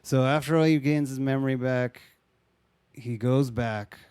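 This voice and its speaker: Laid-back swearing guy with a mellow voice. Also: medium pitch, steady tone, a little slow, clear, resonant tone, no room sound. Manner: laid-back, swears often, acts out quotes. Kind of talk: casual chat retelling a movie.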